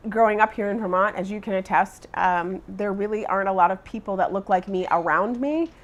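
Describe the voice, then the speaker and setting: A middle-aged woman speaking as an education advocate in an interview, measured, earnest and emphatic. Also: mid-range voice, muffled recording.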